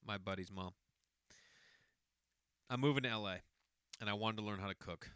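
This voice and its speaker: A man in his forties from the Boston area hosts a podcast, telling a long personal story in a casual monologue that rambles and self-corrects. His voice is lowish, smooth and a bit bright, at normal speed, in a dry, studio-quality recording.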